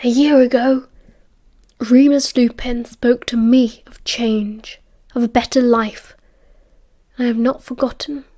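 A woman voicing a sly, disdainful young male werewolf who plots in hushed, urgent whispers. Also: fairly high pitch, steady tone, takes it slowly, pauses often. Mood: scornful.

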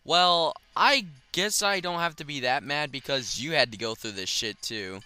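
A young man giving casual let's play commentary, profane and excitable, shouting when he fails. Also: fairly high pitch, normal speed, clean tone. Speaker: gaming commentator.

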